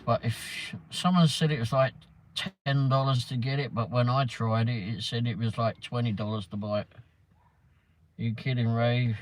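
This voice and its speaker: A man's voice: mid-range voice, steady tone, normal speed, poor audio. An English man hosting a casual livestream, rambling as he chats and answers viewers' comments by name. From England. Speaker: livestream host. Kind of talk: casual chat reading live comments. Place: in a car around town.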